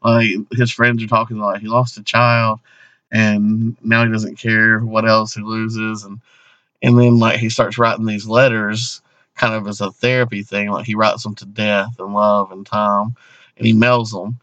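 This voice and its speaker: A man's voice: fairly low pitch, flat delivery, measured pace, sharp tone, no echo, dull audio. A man co-hosting a casual comedy podcast, rambling with lots of fillers and laughing often. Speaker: podcast co-host.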